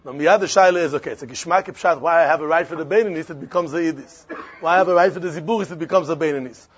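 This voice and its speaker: A man's voice: fairly high pitch, rapid-fire, husky. A man teaching a Talmud lesson, repeating phrases and posing and answering his own questions. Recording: dull lo-fi recording with faint crowd.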